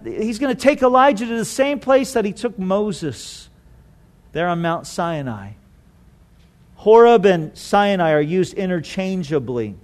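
A man preaching a sermon in a conversational way, acting out quoted lines and dropping to soft tones. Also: sits high. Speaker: pastor.

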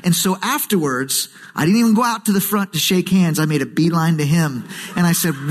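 A man's voice: a little high, a little fast. A man preaching a sermon as pastor, storytelling with humor and acting out quoted voices. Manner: animated, switching into quoted voices. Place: church sanctuary.

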